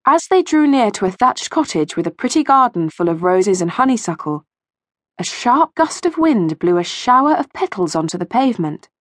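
Lively woman reading a children's story. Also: mid-range voice, normal speed, dry recording, studio quality. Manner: expressive storytelling. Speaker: audiobook narrator. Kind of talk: scripted narration for children. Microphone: studio mic.

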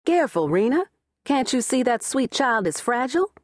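A woman narrator voicing a sharp, cold grandmother in her late sixties for an audiobook, in a raised, cutting tone. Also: lowish voice, big pitch swings, a little slow, slightly rough, no room sound, clean studio sound, heavily acted. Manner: sharp and icy. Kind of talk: audiobook character voice.

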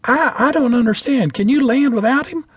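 A man's voice: moderate pace, breathy edge, no room sound. A man voicing a young woman flight attendant, who turns from sassy to scared and stammering, in an audiobook. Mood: frightened. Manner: high, breathless, stammering.

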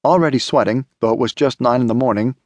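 A man narrating a thriller audiobook in a steady, measured way. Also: mid-range voice, no echo, studio quality. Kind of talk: scripted narration.

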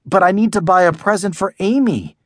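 A man's voice: sits high, a little fast, no room sound, studio quality, voice pushed up. A man voicing an eager young schoolboy who begs and whines in a children's audiobook. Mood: pleading. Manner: whiny, begging.

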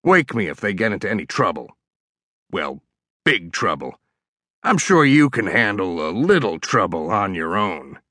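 A man's voice: sits low, sing-song, unhurried, bright, forceful tone, no echo, clean studio sound, full character voice. An actor playing a laid-back male dog who speaks to the listener in an easygoing, confiding way in a children's audiobook.

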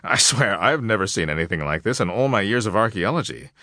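A man playing a seasoned archaeologist in a storybook, blunt and plain-spoken, with a lowish voice. His pitch moves a lot, and the sound is dry and close. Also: expressive, brisk, pushed and bright, dry recording. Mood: baffled. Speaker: storybook character in an audiobook.

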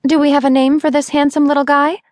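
A woman voicing a brisk, upbeat female nurse. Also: sits high, level tone, a little mellow, no room sound, studio quality, voice pushed up, natural voice. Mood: cheerful.

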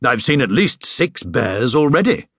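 A man's voice: medium pitch, sing-song, measured pace, a bit bright, slightly rough, no room sound, full character voice. A man voicing a mild, good-natured middle-aged father in a children's audiobook, with a slightly dry manner. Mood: genial.

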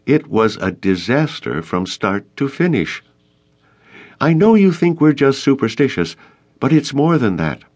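A man reading an audiobook, voicing a sharp, fearful adult woman in a raised, insistent voice. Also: medium pitch, sing-song, unhurried, voice pushed up. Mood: urgent. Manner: insistent, snappish.

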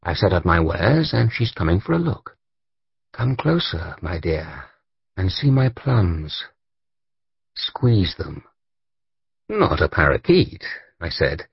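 A man narrating an audiobook in the first person, with a husky voice and an expressive delivery. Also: low-pitched, takes it slowly, long pauses, no echo, lo-fi sound.

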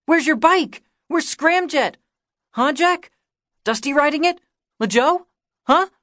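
Storybook kid, small excitable boy, way up high and breathless, pleading and shouting, put on by a female narrator. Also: slow, no echo, clean studio sound, full character voice. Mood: excited. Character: eager excitable young boy.

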